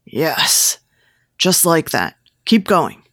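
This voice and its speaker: A woman's voice: sits low, big pitch swings, extremely slow, fairly bright tone, no room sound, studio quality, full character voice. A woman reading a pushy, lecherous male photographer. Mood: coaxing. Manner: coaxing, giving step-by-step instructions.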